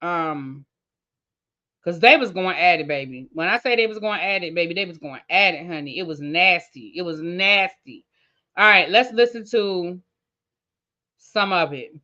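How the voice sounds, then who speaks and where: A woman's voice: fairly low pitch, expressive, normal speed, sharp tone, dull audio. A woman hosting a TV review channel, chatting casually and repeating herself for emphasis. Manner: chatty, emphatic repetition, Southern slang like y'all and baby. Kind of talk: casual recap commentary.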